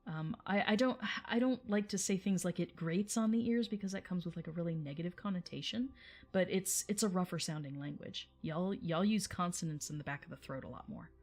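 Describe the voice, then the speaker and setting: Low voiced woman just rambling at her stream chat, laughs a lot. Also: a little fast, darkish tone. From United States. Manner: chatty, tangential, laughs often. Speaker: livestream host. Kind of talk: casual livestream chat answering viewers.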